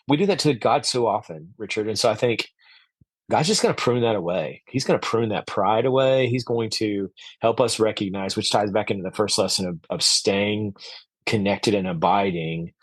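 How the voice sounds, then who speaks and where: A man's voice: on the low side, moderate pace, no room sound. A man speaking as a podcast guest, earnest and reflective, with frequent fillers and restarts. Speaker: podcast guest, orchard owner. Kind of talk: conversational interview.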